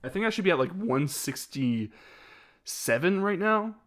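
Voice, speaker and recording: A man's voice: high voice, animated, measured pace, a bit bright. A man chatting casually on a live stream as he ranks his own videos, rambling and hesitant and often laughing.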